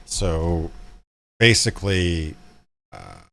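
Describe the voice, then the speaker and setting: Host, deep male voice, loose rambling commentary, relaxed. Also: very slow, gravelly. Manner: rambling, many fillers and restarts, laughs. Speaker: channel host. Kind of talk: casual live commentary.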